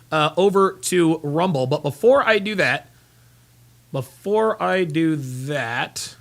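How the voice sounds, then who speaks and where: A casual livestream host with a voice on the high side and a bit bright reads out super chats. He yawns and sounds tired, wandering and repeating himself while he fumbles for files.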